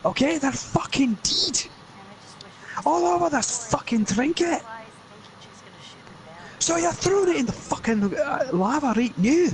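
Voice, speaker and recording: A man voicing a furious, swearing Scottish fantasy warrior in a mock Scottish accent, ranting and shouting. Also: very high-pitched, lively intonation, voice pushed up. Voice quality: shouting, sweary, drawn-out rants.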